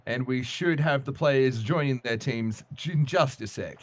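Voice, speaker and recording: A man casting a video game match as play-by-play commentator, jokey and excitable. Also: medium pitch, unhurried. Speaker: esports caster. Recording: music playing behind.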